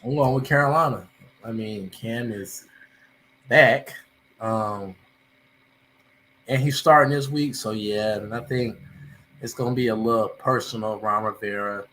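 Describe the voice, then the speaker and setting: A man's voice: lowish voice, unhurried, long pauses, fairly bright tone, low-quality recording. Easygoing young man rambling picks. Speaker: contributor. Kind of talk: casual sports chat.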